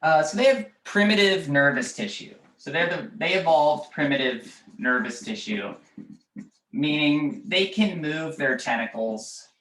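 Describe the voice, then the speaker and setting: A male biology teacher lectures at an unhurried pace, pausing on fillers and checking in with his class. The room is echoey, so his voice rings off the walls of the classroom. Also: on the high side, expressive, fairly bright tone. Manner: halting, with many fillers and checking questions.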